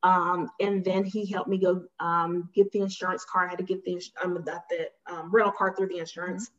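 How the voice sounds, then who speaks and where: Woman, casual podcast storyteller, lively, playful, lo-fi sound. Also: fairly low pitch, fairly quick. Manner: animated, acts out quotes, laughs often. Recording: slightly dull lo-fi sound.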